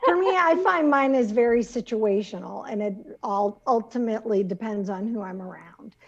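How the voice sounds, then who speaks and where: A woman's voice: on the high side, normal speed, vocal fry, highs cut off. A middle-aged woman co-hosting a casual chat show, talking chattily with frequent laughs and restarts. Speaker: podcast co-host.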